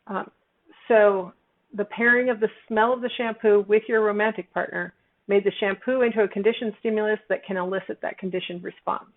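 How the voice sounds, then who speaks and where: A woman psychology instructor talking through a recorded lesson, explaining step by step with fillers and self-corrections. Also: mid-range voice. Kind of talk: recorded lecture walkthrough. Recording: tinny phone-like audio.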